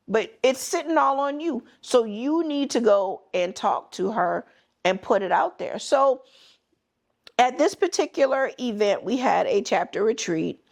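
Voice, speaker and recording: A woman's voice: medium pitch, gravelly. A middle-aged woman hosting a podcast, telling a personal story in a blunt, emphatic and candid way. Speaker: podcast host.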